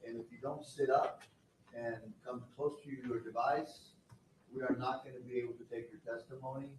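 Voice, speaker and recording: A man presiding over a trial, speaking sternly in halting, rambling sentences. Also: medium pitch, flat delivery, darkish tone, a little hiss or hum. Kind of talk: courtroom remarks. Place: courtroom. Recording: echoey room from far off.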